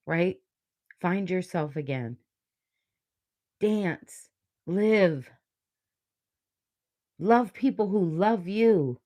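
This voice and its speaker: A woman reading tarot cards on a livestream, with a slightly low voice and an unhurried, deliberate pace. She talks bluntly and earnestly, cursing freely as she pushes the listener to change. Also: darkish tone. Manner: blunt, profane, motivational; earnest, emotional. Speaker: tarot reader.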